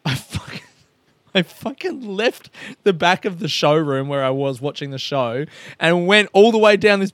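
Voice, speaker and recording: A man's voice: a little high, a bit bright, clear, resonant tone, dry recording. A young man, telling a rambling, self-mocking story as a comedian in casual chat, swearing freely and acting out the dialogue. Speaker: stand-up comedian, podcast host.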